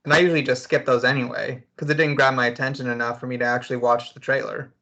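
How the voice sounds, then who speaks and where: A man's voice: mid-range voice, level tone, fast talker, bright, forceful tone, dull audio. A man co-hosting an entertainment podcast, chatting casually and filling his talk with "like". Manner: chatty, lots of "like". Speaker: co-host.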